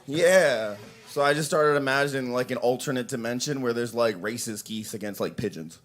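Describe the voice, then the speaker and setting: A young man doing a crude, rambling stand-up set at an open mic in a coffee shop, breaking into shouted impressions now and then. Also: mid-range voice, normal speed.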